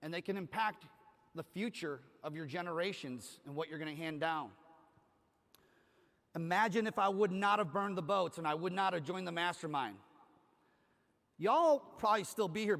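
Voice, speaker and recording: At normal speed and in a slightly high, fairly bright voice, a conference speaker from Cleveland, Ohio, gives a motivational keynote. He's on a large conference hall stage, telling a story with energy and acting out the dialogue, while the stage PA adds hall reverb.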